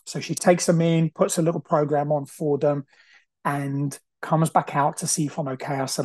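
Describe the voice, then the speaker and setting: A man's voice: fairly high pitch, flat delivery, moderate pace, a little mellow, no echo. A man, earnestly telling a personal story as a podcast host, often repeating himself and restarting sentences.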